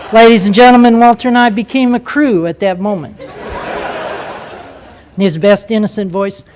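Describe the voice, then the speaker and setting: An older man, a former jet pilot, telling a story to an audience in a lively, vivid way. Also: high voice, takes it slowly, long pauses, noisy background.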